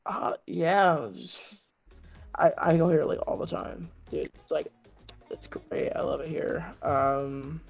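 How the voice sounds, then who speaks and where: A woman voicing a clumsy, flirty male minotaur who fumbles his pickup lines, with a low, gravelly voice and faint music behind. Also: fairly even intonation, slow, full character voice. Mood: awkward. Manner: awkward bumbling pickup talk, filler-heavy.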